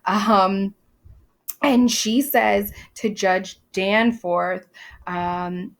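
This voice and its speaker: Casual slow-talking woman teacher. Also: mid-range voice, fairly even intonation. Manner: casual, chatty, many fillers. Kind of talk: classroom lesson explaining a play.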